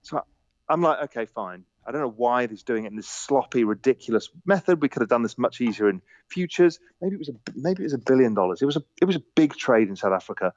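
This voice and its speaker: Guy on a podcast telling animated trading stories, slightly muffled dry audio. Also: mid-range voice, fast, dry recording. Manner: animated anecdotes with laughter and quoted dialogue. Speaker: podcast guest. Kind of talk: casual storytelling.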